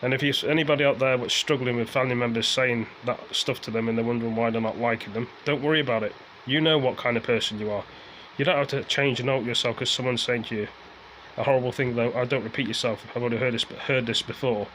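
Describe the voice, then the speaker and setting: A man's voice: medium pitch, steady tone, fast, a bit bright, slight background noise, rough recording. A man ranting casually to his viewers, rambling and repeating himself as he airs his frustration. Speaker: vlogger.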